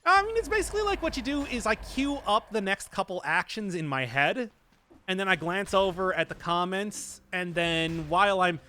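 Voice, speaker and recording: A young man live-streaming a game, chatting casually and answering chat in an animated, self-mocking way. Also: high-pitched, moderate pace, slight background noise. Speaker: gaming streamer.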